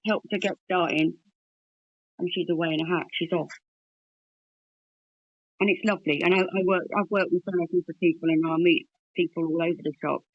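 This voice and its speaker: A woman, a comedian and mental health worker, telling lively anecdotes in an interview. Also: on the low side, husky, dull audio. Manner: animated anecdotal storyteller. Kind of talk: storytelling interview chat.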